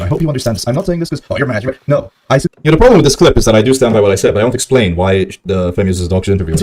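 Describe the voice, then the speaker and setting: A man's voice: medium pitch, a little mellow, a little hiss or hum. A man ranting heatedly on a stream, swearing and throwing insults. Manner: heated, profane, insulting rants.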